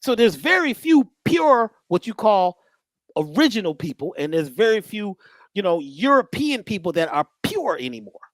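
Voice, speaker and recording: A woman giving a casual, storytelling lecture, with a lively voice that rises and falls widely. She talks to the listener directly and slips into funny character voices. The sound is dry and close. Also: medium pitch, moderate pace, no echo. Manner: conversational, animated, acts out voices.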